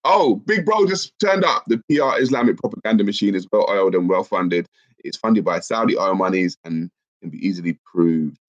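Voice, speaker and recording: A low-pitched man, a little fast and stuffed up with a cold, hosts a casual livestream. Lively and chatty, he reads out viewer comments through dull, lo-fi stream audio.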